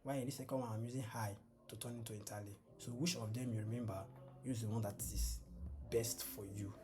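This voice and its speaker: A male coding tutor walks through a screen-share lesson in a patient, repetitive teacher style, with a voice of ordinary pitch. He keeps asking fill-in questions and supplies the answers himself. Music plays clearly underneath him. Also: fairly even intonation, quick pace. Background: background music.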